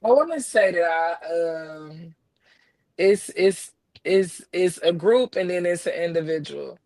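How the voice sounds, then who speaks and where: A woman talking as a podcast guest in casual conversation, halting and heartfelt, often repeating her words as she speaks. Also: lowish voice, a little mellow. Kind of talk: casual conversation about grief.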